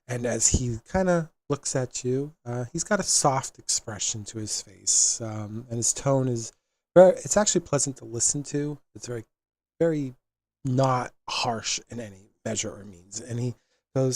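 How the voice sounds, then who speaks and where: A man narrating as game master in a tabletop game, relaxed and filler-heavy. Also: medium pitch, unhurried, dry recording.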